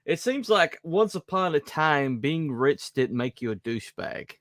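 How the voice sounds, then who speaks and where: Fairly high and sing-song, this man's voice moves at a measured pace with a touch of brightness, recorded studio-clean without room sound. He's a Southern US podcast co-host whose casual talk wanders, heavy on fillers, self-mockery and jokey asides.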